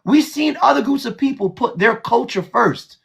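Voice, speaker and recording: Gravelly, husky-voiced man arguing bluntly. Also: very high-pitched, animated, normal speed, fairly bright tone. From United States. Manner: blunt and emphatic, with profanity. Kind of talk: heated live discussion.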